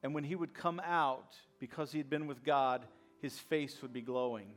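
A man's voice: medium pitch, moderate pace, soft background music. A male pastor preaching a sermon, repeating key lines and acting out the voices of skeptics. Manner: repetitive call-and-response preaching, acts out skeptics.

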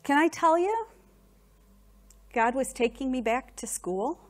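A middle-aged woman, telling her testimony to an audience, is animated and emotional and repeats words when stirred. Her voice sits high and she takes her time.

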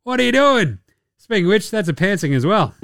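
Lively, sweary Australian podcast host. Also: male voice, high voice, fairly quick, creaky, noisy background. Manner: animated, sweary and mocking. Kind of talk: casual sports podcast rant.

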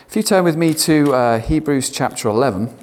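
A man preaching a sermon, animated and given to sarcastic asides. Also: a little high, fairly quick.

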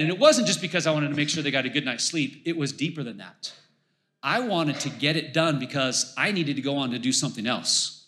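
A man's voice: fairly high pitch, bright, forceful tone. A middle-aged man preaching a sermon as pastor, conversational and emphatic, repeating phrases for emphasis.

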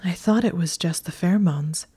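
A woman's voice: fairly low pitch, moderate pace, dark tone, slightly rough. A woman voicing a clever, flustered young witch, speaking anxiously and earnestly in whispered role-play. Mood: musing.

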